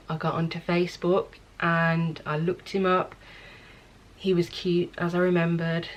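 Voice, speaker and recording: A woman's voice: fairly low pitch, level tone, moderate pace, slight background noise. A young woman with a Birmingham accent chatting candidly to camera about herself in a casual vlog recorded at home. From England. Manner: chatty, candid, self-deprecating. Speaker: vlogger. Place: indoors at home. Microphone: camera mic.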